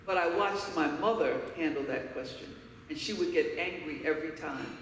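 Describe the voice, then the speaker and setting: A woman's voice: low voice, moderate pace, slight background noise. A woman from Harlem giving a keynote speech, telling personal stories in an emphatic, candid way. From Harlem, New York. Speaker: keynote speaker. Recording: echoey hall, voice from far off.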